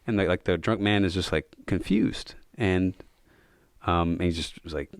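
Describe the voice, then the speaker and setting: Man, deep voice, dry sound, reflective, casual storytelling, podcast guest. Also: fairly even intonation, moderate pace, no echo. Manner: thoughtful, many fillers of "like" and "um". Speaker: podcast guest, yoga and meditation coach.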